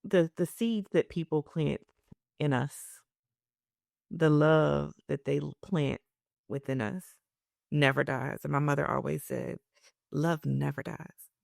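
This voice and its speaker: A woman's voice: low-pitched, fairly even intonation, a little slow, gravelly, darkish tone, no room sound, clean studio sound. A woman hosting a podcast, speaking in an emotional, encouraging, almost preacherly way. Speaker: podcast host. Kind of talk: heartfelt podcast conversation.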